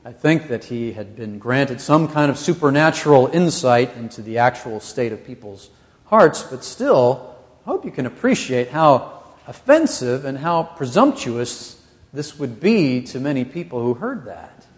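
A man's voice: mid-range voice, big pitch swings, a little slow, long reverb tail. A man preaching a sermon as pastor of a church, earnest and pressing his points with rising emphasis.

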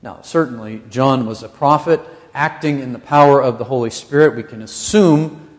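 A man's voice: medium pitch, moderate pace, long reverb tail. A man preaching a sermon as pastor of a church, earnest and pressing his points with rising emphasis.

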